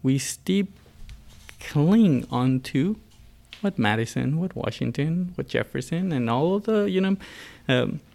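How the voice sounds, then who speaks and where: Halting, gravelly man in earnest talk. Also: a little high, animated, a little mellow. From United States. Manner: halting, many fillers and restarts; earnest, builds emphatically. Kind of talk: casual religious discussion.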